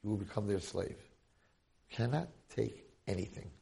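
A man's gravelly storytelling voice turns into a frightened young wife giving urgent warnings. It sits quieter and slightly lower than his usual talk. The words come close and secretive. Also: animated, normal speed, full character voice.

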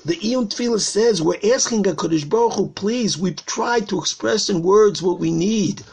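A man's voice: high-pitched, moderate pace, creaky, darkish tone, slightly rough. An older man, a rabbi, giving an earnest recorded talk on prayer, repeating phrases as he pleads. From Israel.

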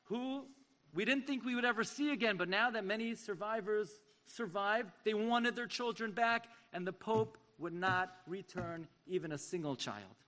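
A man giving an impassioned sermon-style story at a community event, swinging from hushed to loud. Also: high voice, moderate pace.

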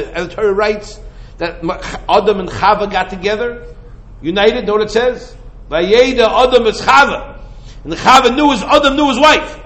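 A man teaching Torah in a lively lecture. He fires off rhetorical questions and mixes Hebrew and Yiddish terms into casual English. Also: sits high, low-quality recording. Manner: animated, full of rhetorical questions.

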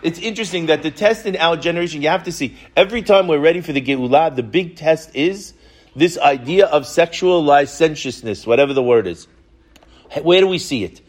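Man, Torah teacher, animated storytelling, rhetorical questions, slightly high pitch. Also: brisk.

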